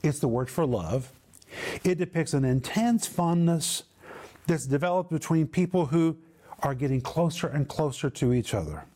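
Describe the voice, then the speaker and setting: A man teaching a Bible lesson in a sermon style, emphatic and slow on key phrases, often repeating words for weight. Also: fairly high pitch, expressive, warm tone.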